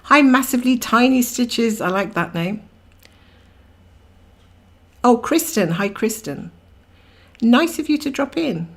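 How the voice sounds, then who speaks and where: A woman's voice: fairly high pitch, lively intonation, slow, pauses often, fairly bright tone. A woman hosting a cross-stitch livestream, chatting casually and rambling while she greets viewers by name and laughs often.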